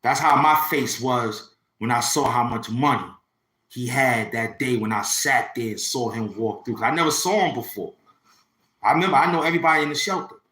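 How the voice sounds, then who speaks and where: A man's voice: mid-range voice, normal speed, pushed and bright, echoey room. A man, telling a personal story in a rambling, slangy way that keeps circling back. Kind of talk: casual storytelling.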